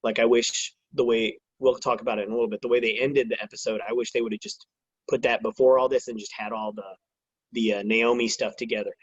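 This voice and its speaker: A man co-hosts a casual TV episode review and gives his opinions in a halting, reflective way. The recording is dull and dry, with no room sound. His voice sits in a middle pitch. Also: little pitch movement, husky, dry recording. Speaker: co-host.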